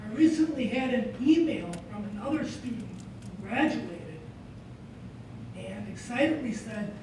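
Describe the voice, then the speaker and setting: A man's voice: animated, unhurried. A man, a psychology professor, presenting a student award with an earnest, storytelling manner. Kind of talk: ceremony presentation speech. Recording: echoey hall from far off, background rumble.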